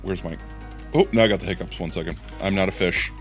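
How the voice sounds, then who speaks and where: A man's voice: deep voice, fast talker, a bit bright, soft background music. Rambling casual male streamer. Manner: rambling, repeats words, laughs often.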